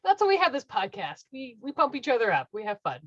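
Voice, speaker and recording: A woman's voice: high-pitched, wildly swooping pitch, quick pace, no room sound. Playful laughing woman, dull dry recording. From South Dakota, US. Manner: laughs often, playful, jokey. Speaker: podcast co-host. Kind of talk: casual chat.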